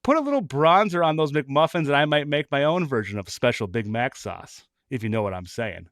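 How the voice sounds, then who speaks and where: A man reading a comic story aloud in a mock-dramatic, animated way, laughing often. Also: mid-range voice, fairly quick, dry recording, clean studio sound. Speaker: reader of comic stories.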